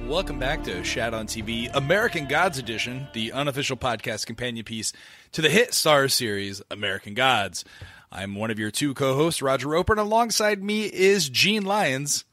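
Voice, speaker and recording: A man's voice: mid-range voice, lively intonation, normal speed, sharp tone, faint music behind. A man from Florida co-hosting a podcast, chatting loosely with lots of fillers and restarts. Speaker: podcast co-host. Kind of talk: casual podcast chat.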